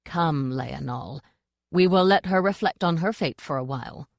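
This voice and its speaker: A woman voicing a cruel, haughty duchess who hisses and rasps her threats in an audiobook. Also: sits low, normal speed, no room sound, studio quality. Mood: menacing. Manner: hissing, rasping threats.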